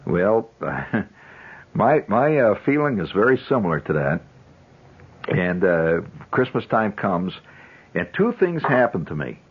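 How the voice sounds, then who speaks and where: A man's voice: on the low side, big pitch swings, slow, husky. A man in his fifties, a radio host telling a long, rambling story in a conversational way with chuckling asides. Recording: dull 1970s radio broadcast.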